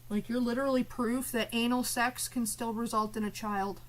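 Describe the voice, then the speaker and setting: A woman's voice: on the high side, fairly even intonation, normal speed, rough recording. A woman streamer ranting live at her chat, swearing and confrontational, with biting sarcasm.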